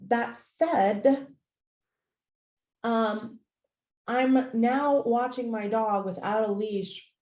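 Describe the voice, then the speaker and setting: A woman hosting a podcast, telling a personal story in an animated, profane, casual way. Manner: animated, profane, swings into loud high-pitched retellings. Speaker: podcast host. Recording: roomy echo.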